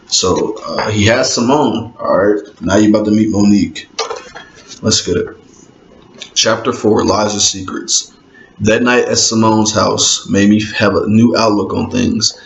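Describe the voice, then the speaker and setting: Author reading his book aloud, man with a lowish voice, relaxed and slangy, roomy dull lo-fi recording with faint hiss. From Indiana, US. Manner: laid-back, conversational, street slang. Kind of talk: casual audiobook reading with asides to listeners.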